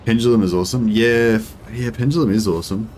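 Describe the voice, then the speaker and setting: Low-voiced Australian man streaming a game. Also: quick pace, a little mellow, slight background noise. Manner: rambling, filler-heavy, thinking aloud. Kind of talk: casual gameplay commentary, answering chat.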